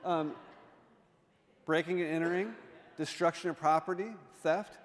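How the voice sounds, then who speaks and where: An artist in residence with a somewhat high voice gives a humorous illustrated talk to a congregation, playfully joking and quizzing the audience. His fairly even delivery is a little slow. The long, lingering echo of a church sanctuary surrounds him.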